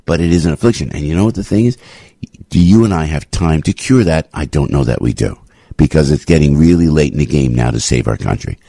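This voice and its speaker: Man, talk radio host, low-pitched, impassioned, rambling, breaks off and restarts, voice leaps up suddenly, husky. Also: expressive, brisk, warm tone, no room sound. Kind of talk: opinionated talk radio monologue.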